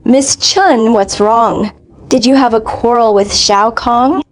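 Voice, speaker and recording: A woman voicing a calm, gentle male professor in his thirties in a read-aloud story. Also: fairly high pitch, takes it slowly. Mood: concerned.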